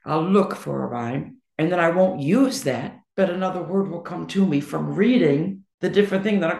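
A woman's voice: deep voice, animated, brisk, creaky, hardly any pauses, darkish tone, roomy sound. A woman being interviewed about her writing, talking in an emphatic, blunt and outspoken way. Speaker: interview guest, poet and songwriter. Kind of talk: candid conversational interview.

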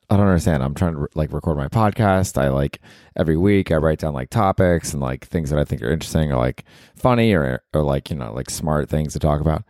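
A man's voice: rumbling low, lively intonation, fast talker, darkish tone, dry recording, studio quality. A man in his forties hosting a solo comedy podcast, rambling with lots of likes and you knows. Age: 40s. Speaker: podcast host.

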